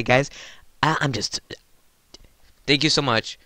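Man, gaming host, excitable and stumbling over words, smooth voice. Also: mid-range voice, a little slow, dry recording. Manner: giddy, stammering, keeps addressing viewers as guys. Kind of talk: excited gameplay commentary.

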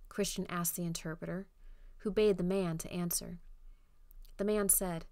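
A woman reading an audiobook aloud in an even, clear storytelling manner. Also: fairly low pitch, moderate pace, no room sound, clean studio sound. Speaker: audiobook reader. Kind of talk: scripted narration.

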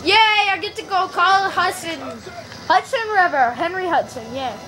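A woman giving live commentary while playing a shooter game, excitable and often yelling and squealing at the action. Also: very high-pitched, a little slow, music in the background. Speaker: gameplay video maker. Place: at home playing a video game.

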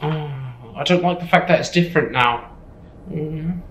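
A man's voice: on the high side, normal speed, fairly bright tone, reverberant, rough recording. A man commentating a horror game, jittery, swearing and repeating himself. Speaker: gameplay streamer.

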